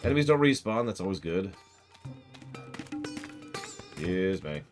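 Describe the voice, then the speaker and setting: A low-pitched man giving casual live commentary on a game, his voice rising and falling in a lively way. He rambles, chats with his viewers and pokes fun at himself, with faint game music playing underneath. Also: unhurried. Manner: rambling, chatty, self-deprecating asides. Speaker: streamer.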